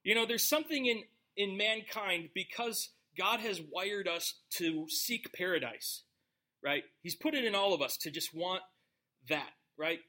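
Man, pastor, casual Bible teaching, high voice, bright tone, chatty asides. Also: lively intonation, measured pace. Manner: conversational, joking asides to the congregation.

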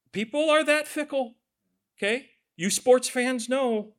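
A male pastor preaching a sermon in a lively, conversational way, with asides to the congregation and acted-out quotes. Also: extremely high pitch, a little slow.

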